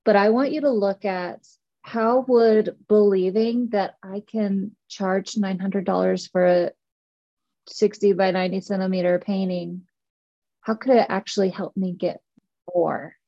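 A woman coaching a client, calmly reflecting back her fears and guiding her through a belief exercise. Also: medium pitch, muffled recording. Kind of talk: coaching session.

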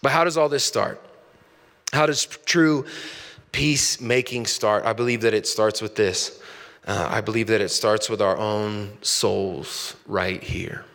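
A man's voice: fairly low pitch, measured pace, a bit bright, big-room sound. A man in his thirties, a pastor, preaching a sermon in a conversational storytelling way that builds into passionate preaching.

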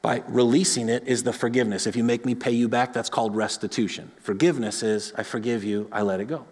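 A man pastor preaching a sermon, telling examples with animated swings between emphatic bursts and quiet, soft passages. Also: mid-range voice, fast talker. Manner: animated storytelling, rising to emphatic peaks then dropping soft. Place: church sanctuary. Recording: long reverb of a church hall.

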